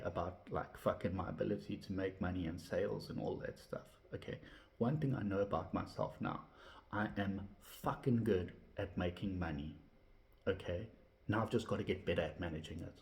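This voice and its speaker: Gravelly man, ranting. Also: darkish tone. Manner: swears constantly, heated and ranting; drops to low, reflective tone. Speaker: vlogger. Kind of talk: candid personal talk to camera.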